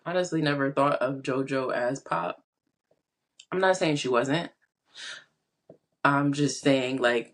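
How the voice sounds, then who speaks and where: A woman co-hosting a podcast in casual chat, hedging her opinions with frequent restarts and fillers. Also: very deep voice. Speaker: podcast co-host.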